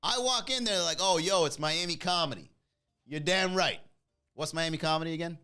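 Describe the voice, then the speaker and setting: A man hosts a comedy podcast and tells stories loosely and playfully. His voice sits a little high and sounds smooth and clear. He jumps into the voices of the people in his story and laughs along with his own jokes. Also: normal speed. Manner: animated, acts out quoted voices with big pitch jumps.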